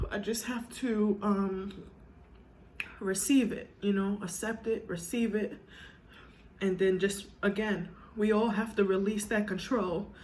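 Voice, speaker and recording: A woman's voice: mid-range voice, a little hiss or hum. A woman vlogger talking to her viewers in a heartfelt, casual way, earnest and emotional, with a lot of "you know", now and then tearful. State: tearful at times.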